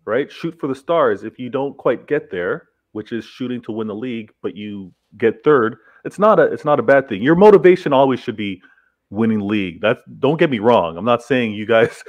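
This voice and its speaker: A man's voice: mid-range voice, lively intonation, fairly quick. A man arguing his point in a casual football debate, repeating himself and laughing at times. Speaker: football pundit.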